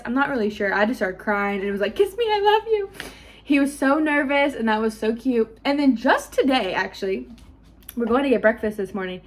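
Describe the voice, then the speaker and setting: A young woman vlogging at home, gushing and chatty as she tells a story to camera. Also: mid-range voice.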